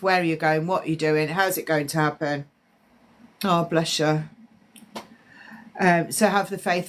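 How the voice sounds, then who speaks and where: A woman, a psychic medium, chatting and rambling through live-stream spiritual readings as she answers viewers' comments, sounding slightly congested. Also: on the low side.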